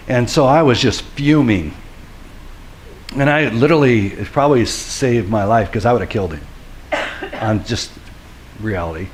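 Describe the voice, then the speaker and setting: A middle-aged man, a pastor, giving a sermon in an earnest storytelling way that builds to forceful preaching. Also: on the low side, a little hiss or hum.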